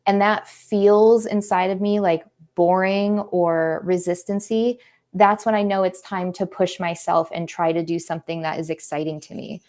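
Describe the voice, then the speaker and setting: A woman's voice: on the low side, steady tone, moderate pace, a little mellow. A woman artist and teacher chatting casually while she paints, earnest and a little preachy as she drifts into pep talks. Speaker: artist and teacher hosting a live creative stream.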